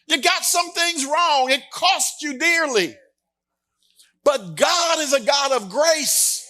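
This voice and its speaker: A man preaching with a high, bright, ringing voice. He moves from easy storytelling into emphatic exhortation and slips in teasing, conversational asides to his congregation. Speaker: pastor. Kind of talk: sermon.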